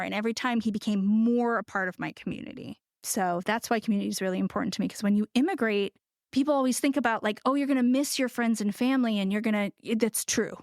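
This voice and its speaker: A woman's voice: mid-range voice, dry recording, studio quality. A middle-aged woman from the United States, a ceramicist guest, telling a story in a casual interview with laughs and acted-out quotes. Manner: animated, laughing, acts out quoted voices.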